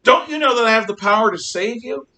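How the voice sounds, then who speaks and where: A stern governor presses his point with raised, forceful declaration, his voice lifted well above normal speech, as a man acts him out. The tone is bright and edgy, recorded from a distance with a faint rumble underneath. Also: expressive, quick pace, full character voice. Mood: threatening. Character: stern Roman governor presenting a prisoner.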